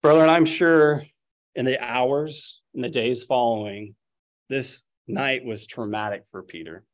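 A man in his thirties with a mid-range voice preaches a sermon at a measured pace. He retells scripture and family stories, acting out the people he quotes in raised voices.

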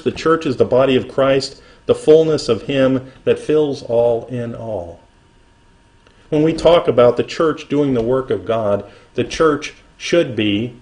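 A middle-aged man preaching a sermon, reading scripture slowly and building emphasis as he goes. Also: mid-range voice, darkish tone. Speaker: pastor.

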